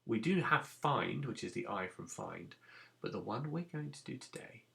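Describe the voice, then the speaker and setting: A man's voice: medium pitch, lively intonation, normal speed, creaky, a bit bright. A man teaching a recorded phonics lesson to young children, patiently sounding out letters and giving simple instructions. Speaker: primary school teacher.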